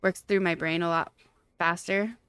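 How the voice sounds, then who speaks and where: A woman's voice: lowish voice, fairly even intonation, normal speed, a bit bright, smooth, no echo. A woman streaming a game live, chatting casually and thinking aloud, with many fillers and small laughs. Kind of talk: casual live-stream chat while gaming.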